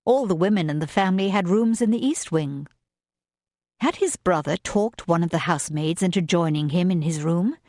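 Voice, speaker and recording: Woman reading a romance audiobook, low-ish voice, slow and steady, dry close sound. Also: no room sound. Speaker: audiobook narrator. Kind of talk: scripted narration.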